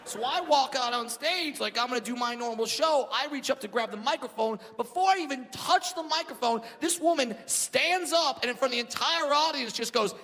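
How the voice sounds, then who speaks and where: A man in his thirties performing a stand-up comedy set, telling stories loudly and acting out shouted impressions. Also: very high-pitched, brisk, hardly any pauses. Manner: loud, animated storytelling with shouted impressions. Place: theater stage before a laughing audience. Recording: live hall recording, reverberant, noisy.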